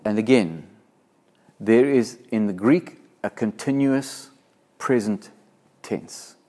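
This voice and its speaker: A man's voice: on the low side, mellow. Earnest preaching man from Africa. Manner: earnest, emphatic, slows and swells when quoting scripture. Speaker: pastor. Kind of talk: sermon.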